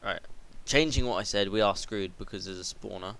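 A teenage boy with a low-leaning, creaky, fairly bright voice commentates his own gameplay a little fast for a let's play video. He rambles, swears freely, and yelps when startled.

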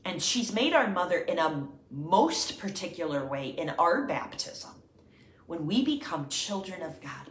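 A woman leading the rosary, speaking gently and reverently, at times dropping to a whisper as she reflects between prayers. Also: on the low side, big pitch swings, measured pace, reverberant, slight background noise. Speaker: prayer leader.

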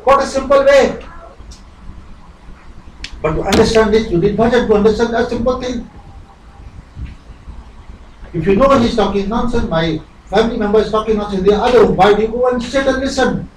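Man, devotional sermon, earnest rhetorical delivery, high voice, distant echoey live recording. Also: brisk, pauses often, slight background noise. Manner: earnest, rhetorical, acts out imagined dialogues. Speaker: spiritual teacher. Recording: roomy live recording from far off, faint ambience.

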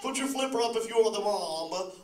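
Guy doing a chill surfer turtle dad, says dude nonstop, kinda high voice, echoey far-off hall sound. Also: moderate pace. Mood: stoked, laid-back. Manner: drawls "dude" constantly in surfer slang; lively, laughs often, talks straight to the audience. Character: laid-back surfer-dude male sea turtle dad. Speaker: live show performer chatting with an audience.

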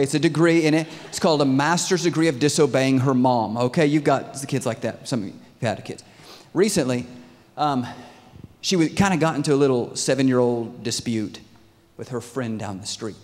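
A man in his thirties preaching a sermon in a lively, conversational way, often asking his audience questions. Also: mid-range voice, fairly quick. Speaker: pastor. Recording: long reverb in a large hall.

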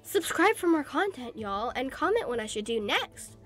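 Excitable girl gamer vlogging, high voice, squeals a lot, faint music under her. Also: moderate pace. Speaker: gaming video creator. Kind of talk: casual gaming commentary.

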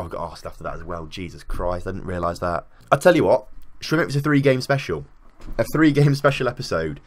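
A young man with an excitable, chatty, self-mocking manner, giving casual commentary on a football management game as the channel's host. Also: low-pitched. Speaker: game streamer.

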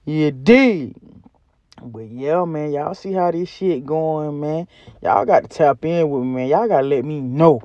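High-voiced man, profane rambling vlog. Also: a little slow, darkish tone, no room sound, muffled recording. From Southern United States. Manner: loose, profane, rambling street slang. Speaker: vlogger. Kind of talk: casual food review vlog. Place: outdoors by a back door.

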